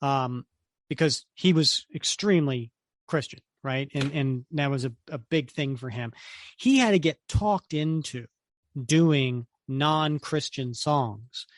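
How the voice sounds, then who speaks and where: A middle-aged man with a medium-pitched voice co-hosts a podcast, chatting casually and animatedly at an unhurried pace. He sometimes breaks into snatches of song and laughter, and there's no room sound.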